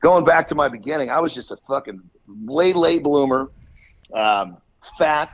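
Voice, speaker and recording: A podcast host with a rather high, expressive voice talks at a moderate pace in a casual, profane chat, cursing in nearly every line. He is blunt and boastful, and the recording has a dull lo-fi sound.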